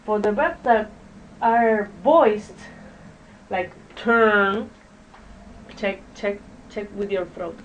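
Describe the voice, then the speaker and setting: A woman teaching an English pronunciation lesson to a classroom, speaking haltingly, drilling words and checking in with "okay?" as the class repeats after her. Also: mid-range voice, lo-fi sound. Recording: distant mic with faint background noise.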